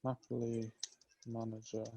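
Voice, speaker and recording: A man on a casual football podcast, his voice at a plain middle pitch. He keeps firing questions at his co-host and slips in jokes. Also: completely flat delivery, measured pace, gravelly, warm tone. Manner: quizzing, jokey.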